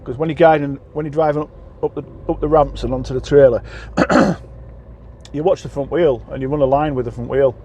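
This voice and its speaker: Recorded in his truck cab, this man from England talks in a loose vlog style, self-deprecating and meandering, often restarting and leaning on fillers. He drives trucks for a living. His voice is on the high side, steady, brisk and mellow, captured in a muffled recording with slight background noise.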